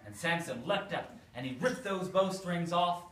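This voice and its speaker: A man, a priest, telling a story to children in a playful, animated way. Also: on the high side, moderate pace. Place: church hall. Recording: echoey room, far from mic, faint noise.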